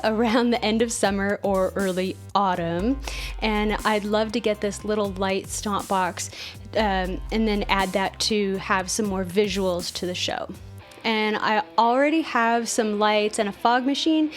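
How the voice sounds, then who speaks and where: Casting: woman podcast host, chatty, mid pitch, faint music under her voice. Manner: chatty, self-mocking asides. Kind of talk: casual podcast chat.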